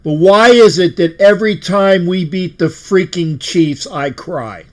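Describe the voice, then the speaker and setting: A man's voice: sits high, measured pace, a little mellow. A man hosting a fan call-in livestream, emotional and exuberant, often repeating himself. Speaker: show host.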